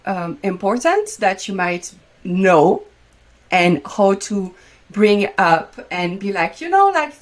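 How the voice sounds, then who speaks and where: French-accented woman, chatty intimacy coach. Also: medium pitch. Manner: frequent fillers, loose phrasing. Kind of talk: casual conversational interview.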